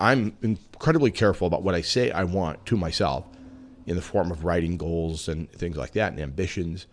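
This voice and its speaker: A man hosting his own radio show, telling jokes and musing in a casual, reflective monologue. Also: deep voice. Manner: joking and reflective, lively delivery.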